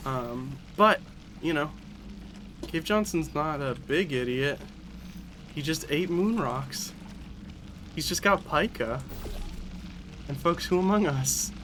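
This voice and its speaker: A man chats casually while streaming a video game, rambling and giggling through profane stories. His voice sits a little high, with a faint hum of noise in the background. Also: lively intonation, takes it slowly. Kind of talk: casual gameplay commentary.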